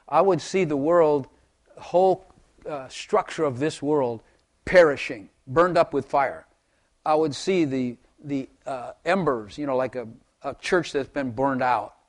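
An older man preaching a rambling, folksy sermon to his congregation, chuckling and repeating words as he goes. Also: on the high side. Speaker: pastor.

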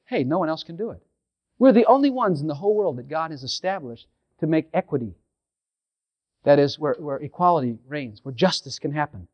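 Male preacher, fairly high voice, fervent and emphatic, muffled lo-fi sound. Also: expressive, fairly quick. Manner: fervent, rising emphatically into quoted prayers. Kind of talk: sermon. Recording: dull lo-fi recording.

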